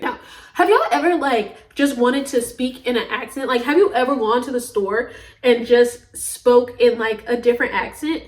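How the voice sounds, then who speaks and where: A woman's voice: a little high, moderate pace. A young woman from the American South chatting casually to her viewers, rambling from topic to topic and laughing often. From Southern United States. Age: young adult. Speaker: vlogger.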